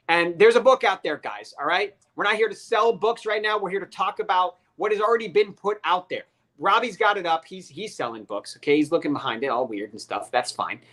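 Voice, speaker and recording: A man hosting a casual live video chat, energetic, joking and emphatic. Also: high voice. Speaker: host.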